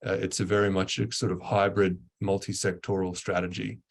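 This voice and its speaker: A man's voice: low-pitched, little pitch movement, fairly quick, gravelly. A man giving a webinar presentation, talking earnestly with frequent fillers and restarts. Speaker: guest presenter.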